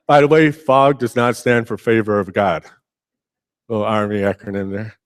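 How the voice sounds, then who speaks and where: A man preaching a sermon as pastor, telling Bible stories in a lively, casual way and acting out the characters' lines. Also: lowish voice, moderate pace, dry recording, studio quality. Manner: animated storytelling, acting out biblical figures in casual speech. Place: church.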